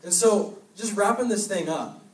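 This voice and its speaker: A young man giving an energetic youth sermon, urging with short repeated commands. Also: high-pitched, normal speed. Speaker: youth pastor. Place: church hall. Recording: echoey hall, mic from a distance.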